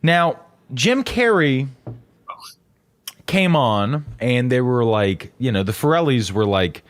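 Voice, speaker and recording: A man co-hosting a casual movie podcast, teasing his partner and swearing freely. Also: takes it slowly. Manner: lively, profane, teasing banter with swings in pitch. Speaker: podcast co-host.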